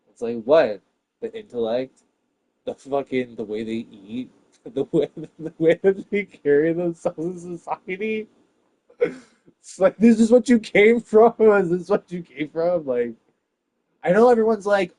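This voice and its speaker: A man ranting to his viewers in a rambling, profane monologue, swinging between loud bursts and hushed asides. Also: high voice, lively intonation, normal speed.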